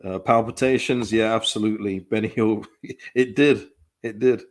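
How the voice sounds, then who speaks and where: Male streamer, casual and excitable, reads chat comments aloud, laughs a lot. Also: on the low side, normal speed. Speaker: live-stream football watchalong host. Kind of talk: casual live reaction chat.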